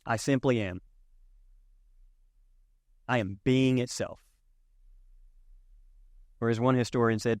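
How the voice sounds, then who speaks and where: A man's voice: mid-range voice, steady tone, slow pace, long pauses, darkish tone, dry recording, studio quality. A male pastor preaching a sermon in a conversational way, often checking in with his listeners.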